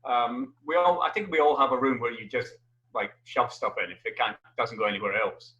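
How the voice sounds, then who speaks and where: A man, a full-time writer, chatting on an online panel in a hesitant, halting, wry way. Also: medium pitch, steady tone, pushed and bright, highs cut off. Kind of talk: casual online panel chat. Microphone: video call.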